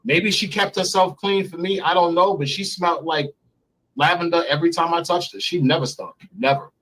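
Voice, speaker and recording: A man speaks in a candid, blunt way as a guest on a remote interview. His voice sits a bit high for a man. He drives his points home by repeating words. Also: a little fast, a bit bright, rough recording. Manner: blunt, emphatic, repeats for stress.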